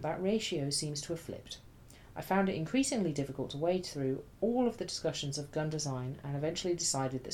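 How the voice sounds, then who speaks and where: A woman's voice: deep voice, darkish tone, slight background noise. A woman reading a scripted book review in a dry, wry, chatty manner.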